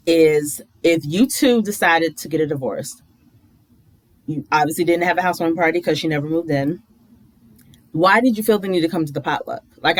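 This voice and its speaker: A woman casually recapping a reality TV episode, animated and opinionated, mimicking the cast in exaggerated high voices.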